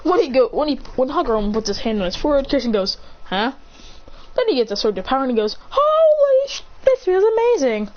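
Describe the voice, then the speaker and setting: Woman rambling thru a made-up story, lively ups and downs, kinda muffled, faint hiss. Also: fairly high pitch, racing, hardly any pauses. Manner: rambling, with fillers and restarts. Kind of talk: casual retelling of an imagined story.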